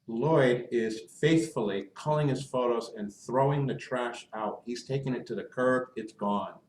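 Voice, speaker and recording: A man hosting a club video call, talking at length and explaining his points with examples. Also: lowish voice. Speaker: meeting host. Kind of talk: casual Zoom meeting chat. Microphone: computer mic on a video call. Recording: echoey room on a video call.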